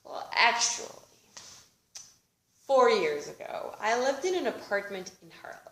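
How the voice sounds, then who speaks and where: A woman from Europe performing live comedy storytelling, animated and swearing as she acts out the dialogue. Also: fairly high pitch, measured pace, roomy sound, a little hiss or hum. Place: theater stage with live audience.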